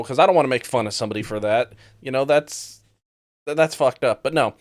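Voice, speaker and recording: A man's voice: fairly high pitch, lively intonation, a little fast, dry recording, clean studio sound. A man hosting a podcast who reacts to news clips bluntly and sarcastically, swearing often. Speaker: podcast host. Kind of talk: casual commentary on news clips.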